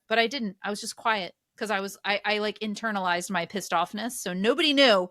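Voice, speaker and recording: A woman's voice: medium pitch, a little fast, a bit bright, no echo, studio quality. A woman in her thirties, co-hosting a podcast and telling a rambling, self-mocking story in casual chat. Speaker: podcast co-host.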